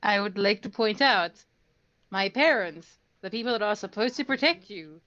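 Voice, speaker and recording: A woman's voice: medium pitch, animated, moderate pace, a bit bright, no echo. A woman playing a tabletop game, arguing her point emphatically and swearing casually. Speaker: player. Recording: dull dry recording.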